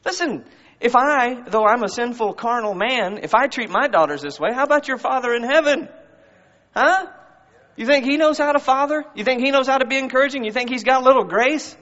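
A male pastor with a high voice delivers a conversational sermon, pressing his congregation with rhetorical questions. His words ring out through a church with a long, lingering reverb, and the recording sounds somewhat muffled. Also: expressive, brisk, pushed and bright.

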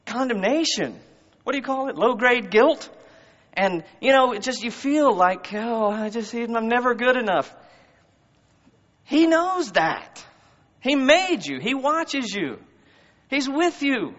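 A man's voice: extremely high pitch, sing-song, a little slow, fairly bright tone. A man preaching a sermon to a congregation in a church, in a conversational style full of rhetorical questions. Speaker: pastor. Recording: muffled, long hall reverb.

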